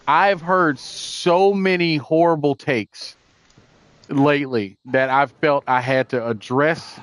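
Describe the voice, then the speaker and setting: A man's voice: fairly high pitch, steady tone, slow pace, a bit bright, clean tone, no echo. A man co-hosting a podcast, chatting about games in a laid-back, slangy way. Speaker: podcast co-host. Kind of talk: casual gaming chat.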